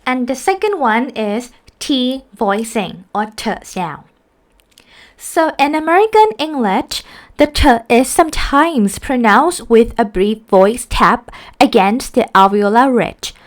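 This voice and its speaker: A woman narrates a lesson in an unhurried, measured way. Her voice sits a little high, and she pauses on soft ums and uhs as she explains each point carefully. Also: animated, low-quality recording. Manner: slow, careful explaining with frequent um and uh. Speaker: teacher.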